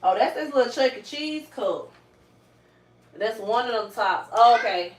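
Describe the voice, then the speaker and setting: A woman's voice: fairly high pitch, a little slow. A woman with a Southern Georgia accent, chatting casually with live viewers as a vlogger and mother at home. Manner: chatty, relaxed, drawling Southern speech. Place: kitchen at home. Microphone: phone on a tripod. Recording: echoey kitchen, faint noise.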